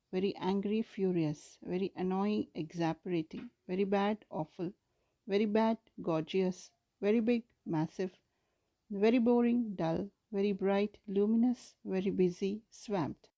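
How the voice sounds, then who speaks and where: Woman teacher, mellow tone, steady list-reading delivery, dull lo-fi recording. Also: mid-range voice, measured pace. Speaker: English teacher.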